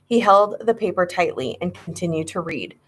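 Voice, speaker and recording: Lower-voiced woman reading a spooky story. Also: lively intonation, moderate pace, husky. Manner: dramatic, suspenseful reading. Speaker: audiobook reader. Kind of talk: storybook narration.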